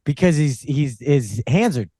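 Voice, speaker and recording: A man's voice: on the high side, expressive, unhurried, dark tone, no room sound, clean studio sound. A man co-hosting a comedy podcast in casual chat, rambling through his points with lots of fillers and frequent laughter. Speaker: podcast co-host.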